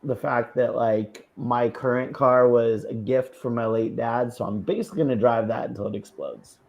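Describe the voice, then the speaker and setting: A man co-hosting a laid-back podcast conversation. He talks bluntly and peppers his speech with profanity. His voice sits at an ordinary middle pitch, and he breaks into easy laughs. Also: fairly even intonation, normal speed, gravelly, lo-fi sound. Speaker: podcast co-host. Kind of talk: casual chat.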